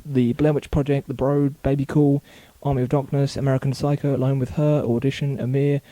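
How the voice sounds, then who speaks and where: A man talking casually in his bedroom for a home vlog, rattling off a long list quickly, with small slips and corrections along the way. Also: medium pitch, flat delivery, mellow, no echo. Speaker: video blogger.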